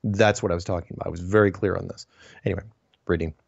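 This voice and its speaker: A man hosting a solo show, reading listener emails and answering them in a wry, digressive way with puns and quick self-corrections. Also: low voice, fairly even intonation, creaky, no echo, muffled recording. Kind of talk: casual solo commentary.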